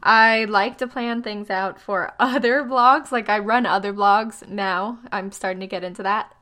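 Yawning and a little tired, a woman in her twenties loosely talks through blogging advice on her vlog. Her mid-range voice has a sharp tone and fairly even intonation, and she's chatty and self-deprecating, with plenty of fillers and asides.

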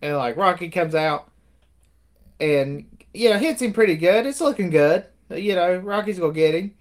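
A man's voice: sits high, normal speed. A man co-hosting a podcast, casually reviewing films and acting out scenes with laughs. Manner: animated retelling, acting out movie lines with laughs. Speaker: podcast co-host. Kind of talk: casual movie review chat.

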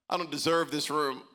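A man's voice: a little high, pushed and bright, full character voice. A man voicing a tearful young child who whimpers and wails as if overwhelmed. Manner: whimpering, wailing.

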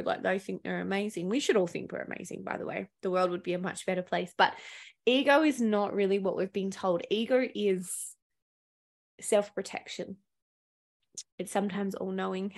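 A woman, possibly, hosting a solo podcast, talking in a candid, earnest way with casual swearing and frequent laughs. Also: medium pitch. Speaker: podcast host. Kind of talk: reflective solo podcast talk.

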